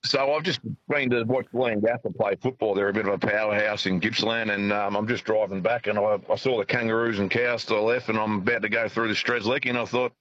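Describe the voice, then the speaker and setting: Low-voiced Aussie caller phoning in from the car, earnest and halting, dull lo-fi phone sound. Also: male voice, fairly even intonation, a bit bright, no echo. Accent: Australian. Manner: earnest, hesitant, full of fillers. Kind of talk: talkback radio phone call. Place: driving in a car. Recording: muffled phone line.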